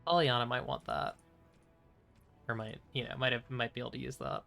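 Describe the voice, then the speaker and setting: Young male streamer, bright tone, loose casual chat, halting and chuckly. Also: mid-range voice, steady tone, vocal fry, faint music behind. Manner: rambling, hesitant, lots of fillers and restarts, chuckling. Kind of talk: casual chat while playing a game.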